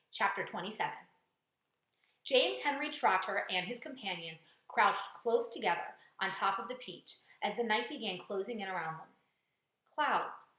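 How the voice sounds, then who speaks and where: A woman, a teacher, reading a storybook aloud in an expressive, dramatic way with hushed quiet passages. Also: medium pitch. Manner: expressive, dramatic, drops to a hush for quiet scenes. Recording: echoey room.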